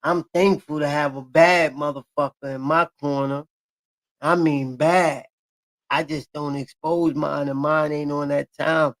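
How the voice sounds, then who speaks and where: A man in his forties riffs in loose, boastful, profane banter. His voice sits a little high and has a gravelly edge to it. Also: steady tone, unhurried, a bit bright. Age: 40s. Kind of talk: casual chat.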